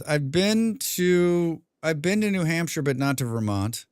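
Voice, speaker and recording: A young man streaming a game, chatting casually with his viewers, rambling and clearing his throat often. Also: a little high, lively intonation, unhurried, a little mellow, no room sound, studio quality. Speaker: gaming livestreamer. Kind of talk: casual livestream chat while playing.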